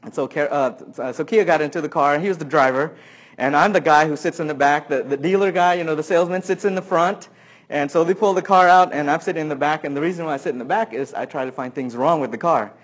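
A man's voice: fairly high pitch, fast talker. A pastor telling a story from his own life during a sermon, acting out what people said and laughing along the way.

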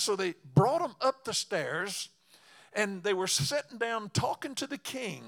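A man preaching a storytelling sermon, halting and repeating words, breaking into fervent exclamations. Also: high voice, expressive, gravelly, fairly bright tone.

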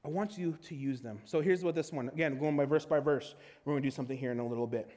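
A pastor delivers a casual, animated sermon in a fairly high voice, tripping over quick restarts and tossing in playful asides. His words ring out with a long reverb, as if he is in a large church hall. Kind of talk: conversational sermon.

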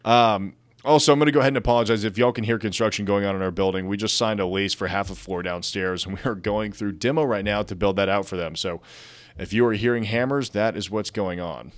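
A young man hosting a casual real estate news show, reading articles aloud and breaking in with chatty asides. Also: fairly low pitch. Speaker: podcast host. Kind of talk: casual market news commentary.

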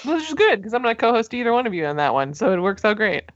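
Lively teasing woman on a dull line. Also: fairly high pitch, racing, dry recording. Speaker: podcast guest. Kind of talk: casual chat.

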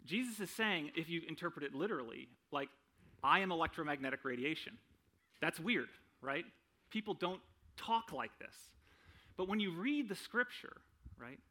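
Slightly high and pushed, his voice has a bright edge. He's a young man delivering a sermon like a conversation, frequently checking in with "right?" and adding self-deprecating humor.

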